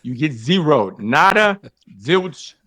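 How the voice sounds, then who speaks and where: Taking it slowly in a pushed, bright voice with big pitch swings, a man tells his faith story as a guest. He calls listeners fellas and folks and acts out conversations with big jumps in pitch, all in a dry, clean studio recording.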